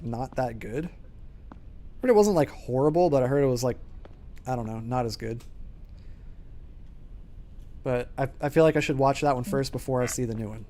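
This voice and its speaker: This man streams a game and chats loosely, his medium-pitched voice carrying a darkish tone over slight background noise. He rambles through casual gaming commentary, leaning on fillers and laughing often.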